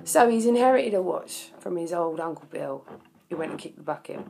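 A woman's voice: sits low, steady tone, normal speed, creaky, dark tone, soft background music. A woman chatting casually between verses of a song she plays, explaining it with self-deprecating jokes. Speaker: amateur singer explaining a song.

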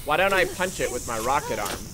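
A man giving casual, jokey commentary over a video game, excitable and prone to yelling. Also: mid-range voice, brisk, crowd noise. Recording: game noise under the voice. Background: game sounds.

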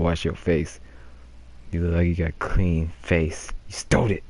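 Deep-voiced man joking through a game. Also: steady tone, moderate pace, darkish tone. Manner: reads in-game posters aloud, joking and laughing. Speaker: game streamer. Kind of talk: casual let's-play commentary.

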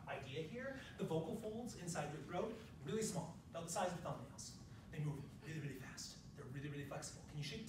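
A man's voice: a little high, background noise. A man presenting a music education workshop, explaining step by step and demonstrating on piano. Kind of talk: workshop lecture. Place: large room at a professional development session. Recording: echoey room, distant mic, piano.

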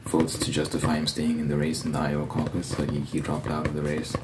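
Young male ASMR host, very low voice, rambling profane chat over heavy background noise. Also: monotone, quick pace. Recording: loud background noise and clicks.

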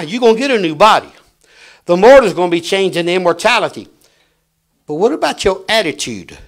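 A middle-aged man preaching a sermon, telling stories and swinging from hushed lines to shouts. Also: high-pitched.

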